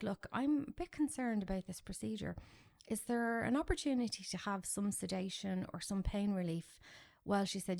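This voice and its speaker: A woman in her forties, a podcast guest telling a candid personal story with animated, self-deprecating asides. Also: lowish voice, vocal fry. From Ireland.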